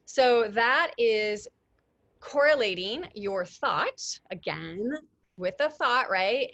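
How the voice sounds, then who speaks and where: A woman's voice: mid-range voice, a bit bright, no room sound. Chatty woman hosting an online workshop. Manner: chatty, with many fillers and restarts; enthusiastic, addresses listeners as "you guys". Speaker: workshop host. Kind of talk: casual online workshop talk.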